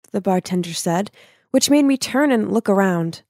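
A woman's voice: mid-range voice, animated, moderate pace, a little mellow, dry recording, clean studio sound. A woman telling a first-person story in a scripted narration style, casual and wry.

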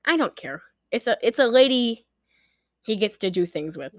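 Woman podcast co-host, rambling and giggly, slightly high voice, very dry close sound. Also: expressive, moderate pace, no echo. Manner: rambling, giggly, acts out quoted lines. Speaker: podcast co-host recapping a movie. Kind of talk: casual chat.

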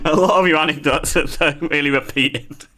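A man's voice: fairly high pitch, fairly quick, a crowd in the background. A man co-hosting a comedy podcast, teasing his partner and laughing at himself. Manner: giggly, self-mocking, teasing. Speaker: podcast co-host. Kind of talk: bickering comedy podcast chat.

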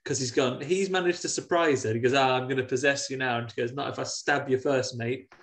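An English man with a Midlands accent in a casual film review chat, talking at an ordinary middle pitch. He retells scenes with lively bits of put-on voices. His delivery is chatty and loose. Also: brisk. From England. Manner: animated retelling, acting out characters. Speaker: podcast co-host.

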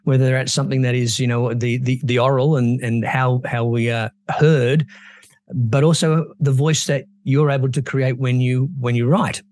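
A man's voice: mid-range voice, steady tone, normal speed, a little mellow. Man, podcast host, earnest, hesitant phrasing, mid-range voice. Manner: earnest, hesitant with many fillers and restarts. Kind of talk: interview hosting.

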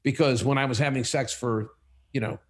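A man's voice: medium pitch, normal speed. A man, a company CEO, telling stories as a podcast guest and acting out the dialogue in them. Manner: animated, acts out dialogue in stories. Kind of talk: casual storytelling interview.

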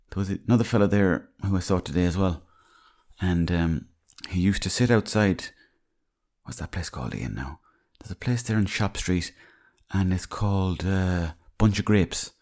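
A low-voiced Irish man talking on his own podcast. He wanders from one anecdote to the next in a loose, chatty way and swears freely as he goes. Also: darkish tone. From Ireland. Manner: rambling, anecdotal, salty language. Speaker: podcast host. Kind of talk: casual storytelling monologue.

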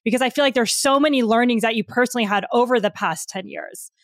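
Higher-voiced woman host, dry sound. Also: quick pace, no echo. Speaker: interview host. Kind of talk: conversational interviewing.

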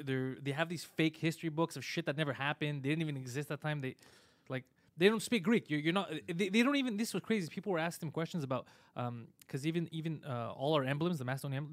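A man hosting a live show, giving a fast, opinionated rant full of swearing. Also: fairly high pitch, dry recording. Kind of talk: casual live-stream chat.

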